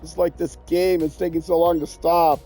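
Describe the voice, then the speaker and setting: A man's voice: a little high, little pitch movement, normal speed, dark tone, soft background music. A man streaming a driving game, talking himself through each step with joking asides, with a Minnesota accent. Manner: talks to himself while playing, joking asides. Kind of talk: casual gameplay commentary.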